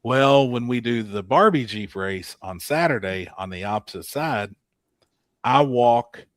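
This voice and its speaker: A man hosting a casual podcast, telling racing-weekend stories with lively acted-out quotes and frequent laughter. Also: mid-range voice, a little slow, dry recording. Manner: animated storyteller, laughs often, acts out quotes. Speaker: podcast host. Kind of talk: casual storytelling chat.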